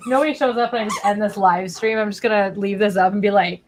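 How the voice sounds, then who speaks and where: A woman's voice: medium pitch, steady tone, quick pace, slight background noise, rough recording. Chatty woman on a home livestream. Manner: chatty, talks to her dog between waiting for viewers. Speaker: author hosting a livestream. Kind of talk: casual livestream chat.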